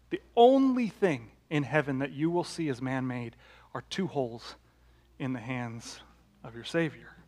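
A man delivers a sermon in a slightly high voice. He talks to the congregation conversationally and asks them rhetorical questions. He swings between loud, emphatic peaks and hushed, low-pitched lines. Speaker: pastor.

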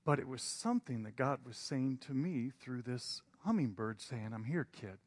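A man's voice: medium pitch, expressive, moderate pace, no room sound. A man preaching in a storytelling style, rambling and self-deprecating, with hesitant restarts. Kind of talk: storytelling sermon.

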